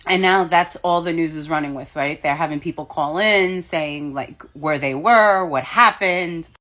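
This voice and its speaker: A woman with a somewhat low voice, chatting wryly. She tells the story casually, straight to her viewers. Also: unhurried, a bit bright, lo-fi sound. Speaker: social media commentator. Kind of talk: casual commentary.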